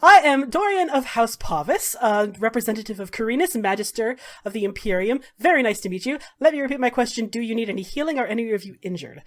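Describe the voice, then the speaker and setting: A woman voicing a courteous, well-dressed male mage who speaks softly and politely. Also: fairly high pitch, animated, fast talker, hardly any pauses. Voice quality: soft, courteous.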